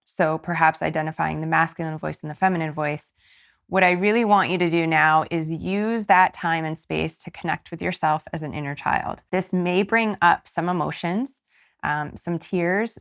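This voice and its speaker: A woman's voice: lowish voice, vocal fry. A woman in her thirties hosting a solo podcast, talking in an earnest, encouraging way that turns teary at times. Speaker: podcast host and coach. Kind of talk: casual solo podcast talk.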